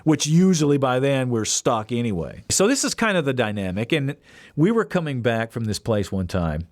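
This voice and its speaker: A man hosting a podcast, telling a casual story in an animated way and acting out the voices he quotes. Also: mid-range voice, no room sound, studio quality. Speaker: podcast host.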